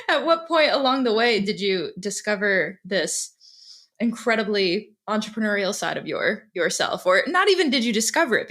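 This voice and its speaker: A woman's voice: mid-range voice, fairly bright tone. Enthusiastic woman podcast host. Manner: enthusiastic, encouraging, laughs along. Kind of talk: casual interview chat.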